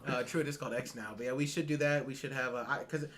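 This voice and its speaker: A medium-pitched man talks fast with fairly even intonation against crowd noise. Co-hosting a casual, profane podcast, he swears constantly and rants, rising sharply when worked up and laughing mid-sentence.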